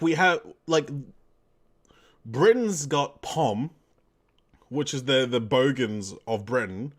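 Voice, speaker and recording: A young adult man chatting casually while streaming a game, rambling and correcting himself with lots of fillers. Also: mid-range voice. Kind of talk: casual let's-play chat.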